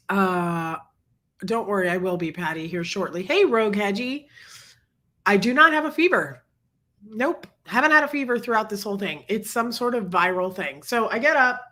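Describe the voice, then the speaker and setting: Sick lady on a livestream, stuffy and husky but bright, chatty, shouting out viewers. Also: medium pitch. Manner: chatty, greets viewers by name. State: sick, congested and coughing. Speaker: livestream host. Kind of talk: casual livestream chat.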